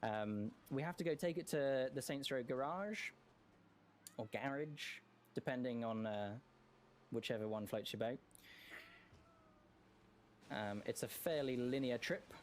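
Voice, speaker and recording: A man's voice: medium pitch, darkish tone, slight background noise. Chatty man commentating a speedrun. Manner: chatty, self-correcting, quick jokes and laughs.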